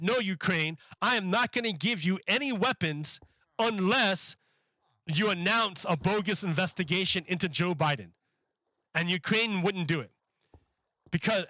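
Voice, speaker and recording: Man, high bright voice, rambling political streamer, dry and slightly dull mic. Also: no echo. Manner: rambling, repeats words, mocking put-on quotes. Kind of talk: live-streamed political commentary.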